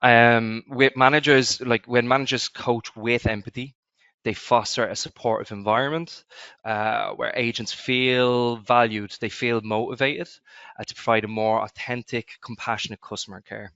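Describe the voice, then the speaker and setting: A man hosting a webinar, presenting prepared points in a measured way and handing questions to guests. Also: medium pitch, little pitch movement, fairly bright tone, smooth, no room sound, dull audio. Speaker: webinar host. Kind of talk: semi-scripted webinar presenting.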